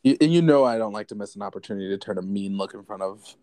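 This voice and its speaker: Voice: deep voice, racing, no room sound. A podcast co-host in casual gossip chat, reacting a lot, laughing often and prompting for more of the story. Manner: reactive listener, laughs often, expressive swoops.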